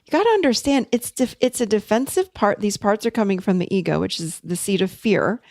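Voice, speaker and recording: A woman's voice: medium pitch, expressive, darkish tone, no room sound, clean studio sound. A woman in her forties hosting a podcast, talking in an earnest, coaching way as a therapist. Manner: earnest, coaching, speeds up and slows down. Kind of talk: teaching podcast talk.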